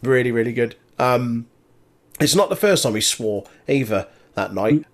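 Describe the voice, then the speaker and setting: A man chatting casually as a podcast co-host, animated, laughing often and swearing. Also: mid-range voice, normal speed. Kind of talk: casual chat recapping a wrestling show.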